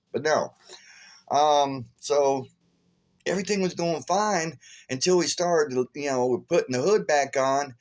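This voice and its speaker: A man's voice: fairly high pitch, slight background noise. Profane, rambling man telling a story. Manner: profane, rambling, animated storyteller who flares loud when retelling anger. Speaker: vlogger. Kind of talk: casual storytelling rant.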